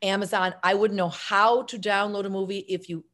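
A middle-aged actress and filmmaker telling stories as an interview guest, lively and self-mocking, jumping between tangents. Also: female voice, medium pitch, moderate pace. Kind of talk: casual interview storytelling.

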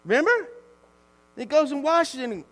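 A pastor, a man with a high voice, delivers a lively sermon that swings between quiet and shouted moments. His voice rings through a large church sanctuary with a long hall reverb and a faint mains hum underneath. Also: normal speed. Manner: animated, swings from hushed to shouting.

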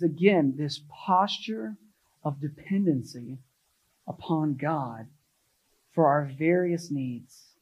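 A young adult male pastor from the United States preaching a sermon, stressing key words with rising emphasis and then dropping low and soft. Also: husky, rough recording.

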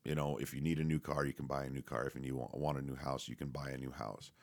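A man's voice: extremely low pitch, level tone, fast, darkish tone. A man rambling casually and profanely, with lots of fillers, restarts and laughs. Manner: laughs often while talking.

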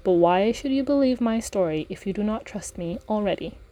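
A woman reading the lines of a grave, weathered male ranger in a steady, serious way. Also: mid-range voice, brisk, close to an everyday voice.

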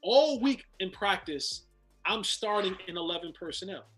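A man telling football stories in casual chat, animated and often repeating words. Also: high-pitched, moderate pace, soft background music. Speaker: podcast host, former football player. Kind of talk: casual storytelling.

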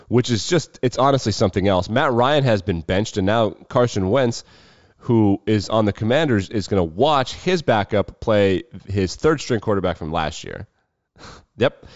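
A man hosting a casual solo sports talk show, profane and wry with quick asides. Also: fairly low pitch, no room sound, highs cut off. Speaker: sports betting show host.

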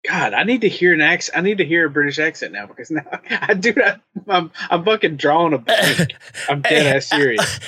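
A podcast co-host with a slightly husky voice whose pitch moves around a lot. He talks hesitantly, restarting his sentences as he goes. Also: animated, fairly quick, sharp tone, poor audio. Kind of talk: casual chat.

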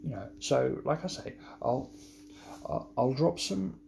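A man hosting a podcast, signing off in a rambling, halting way that keeps repeating words. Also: medium pitch, creaky, darkish tone, slight background noise. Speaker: podcast host. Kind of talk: casual podcast sign-off.

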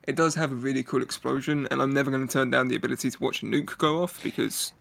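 A man co-hosting a casual movie review chat, retelling scenes in an animated way and laughing as he talks. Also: mid-range voice, fast talker, creaky. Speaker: podcast co-host.

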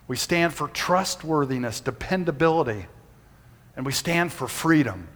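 A man's voice: fairly high pitch, animated, normal speed. A man, preaching a sermon and telling a personal story in a folksy way. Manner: folksy storytelling, shouts when reenacting. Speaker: pastor. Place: church sanctuary. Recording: reverberant church hall.

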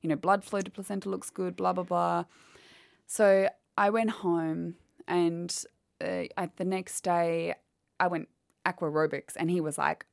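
A woman's voice: lowish voice, steady tone, a little slow, vocal fry, no room sound, clean studio sound. A woman, telling a painful personal story candidly in an interview. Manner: candid, quotes others as she retells. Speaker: guest.

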